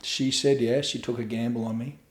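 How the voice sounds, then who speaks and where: Profane, animated middle-aged man, echoey room. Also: medium pitch, brisk. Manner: profane, animated storytelling with acted-out quotes. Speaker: podcast guest. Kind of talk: candid storytelling interview. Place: room in his home.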